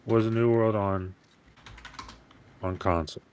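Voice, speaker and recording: A man's voice: fairly low pitch, steady tone, slow pace, a little mellow, a little hiss or hum. A man co-hosting a casual gaming podcast, ribbing his friends playfully. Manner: playful ribbing, mock accusations. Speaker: podcast co-host.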